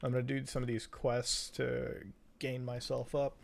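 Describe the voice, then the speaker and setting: A man's voice: medium pitch, level tone, moderate pace, creaky. A man from Canada streaming a game, chatting casually in a rambling, profane way and laughing often. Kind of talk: casual chat while gaming.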